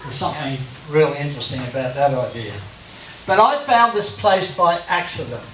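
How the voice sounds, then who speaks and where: A man's voice: fairly high pitch, animated, brisk, pushed and bright. An Australian man giving a chatty, joking personal talk as guest speaker at a church gathering. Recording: echoey room from a distance, faint hiss.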